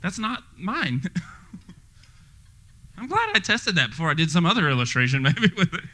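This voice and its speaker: A male pastor preaching a sermon to his congregation in a church, energetic and joking, speaking directly to the people in the room. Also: high voice, moderate pace. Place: church sanctuary before a congregation.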